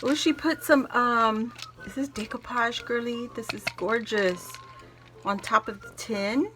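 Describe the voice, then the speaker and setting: Woman, crafting vlogger, effusive unboxing chat, slow and lively, on the higher side. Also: music in the background. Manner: gushing, gasping, effusive. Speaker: craft vlogger opening gifts. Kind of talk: casual gift unboxing.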